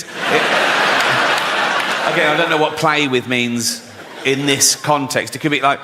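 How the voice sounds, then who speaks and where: A man's voice: mid-range voice, a little slow, pauses often, over a noisy crowd. A man performing stand-up comedy in a chatty, storytelling way, often checking in with the audience and acting out what people said. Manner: conversational, keeps asking "right?", acts out quotes. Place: large live venue with audience. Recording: live hall reverb, faint room noise.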